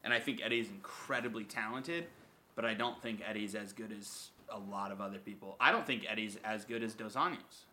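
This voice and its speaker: A man's voice: on the low side, fairly quick, bright, forceful tone. A man hosting a casual podcast chat, emphatic and opinionated, swearing freely. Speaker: podcast host.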